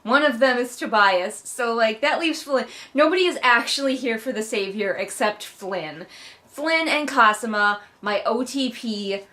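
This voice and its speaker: Sarcastic woman, fairly high voice, casual book recap with dry jokes and swearing. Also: expressive, measured pace, pushed and bright. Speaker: book read-along host.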